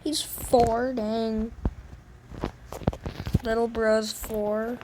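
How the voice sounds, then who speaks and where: A woman gamer with a fairly high voice talks slowly through casual gameplay commentary, her words drawn out. She whines playfully and fakes crying over bad loot. Faint noise sits behind her voice. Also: level tone. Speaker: gaming video creator.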